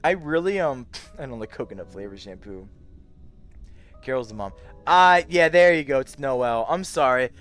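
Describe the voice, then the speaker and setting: A man's voice: mid-range voice, expressive, moderate pace, fairly bright tone, faint music behind. A tired young man chatting casually on a late-night livestream, yawning and rambling as he greets his chat by name. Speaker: VR streamer.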